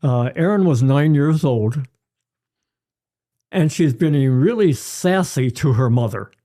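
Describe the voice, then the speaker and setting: Older guy, pediatrician guest, slow easy storytelling, warm mellow voice, says things twice. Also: a little high, lively intonation. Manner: unhurried storytelling, repeats key phrases. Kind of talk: conversational interview.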